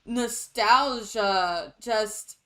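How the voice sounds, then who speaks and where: A young woman co-hosting a podcast in casual chat, animated and blunt, laughing often. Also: medium pitch, drawn-out words. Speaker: podcast co-host.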